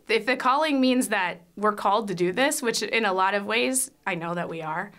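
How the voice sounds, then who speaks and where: A woman's voice: medium pitch, fast talker, few pauses, a bit bright. A foster mother giving a candid, emotional faith testimony, with frequent fillers and restarts. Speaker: foster parent.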